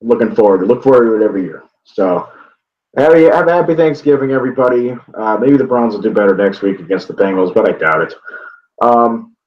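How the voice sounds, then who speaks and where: A man's voice: on the low side, fast talker. Young man from northeast ohio, casual sports vlog, rambling, swears freely, muffled lo-fi recording. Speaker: sports vlogger. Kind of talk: casual chat. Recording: dull lo-fi sound.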